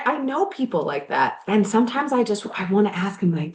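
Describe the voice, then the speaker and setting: Working on projects in her garage, a woman life coach and podcast host talks fairly quickly in a medium-pitched voice with big pitch swings. She's frank, animated, and swears now and then in this candid motivational chat, captured with a roomy echo.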